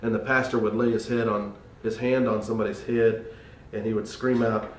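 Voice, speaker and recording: A man's voice: fairly low pitch, level tone, moderate pace, recorded from a distance. A man earnestly telling stories about his church upbringing in an interview. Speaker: choir member. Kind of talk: reflective interview talk. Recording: roomy, off-mic with faint ambience.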